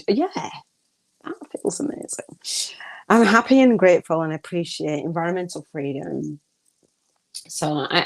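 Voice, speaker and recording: A woman's voice: deep voice, a little mellow. A middle-aged woman hosting a live gratitude talk, chatty, with many fillers and laughs. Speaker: podcast host.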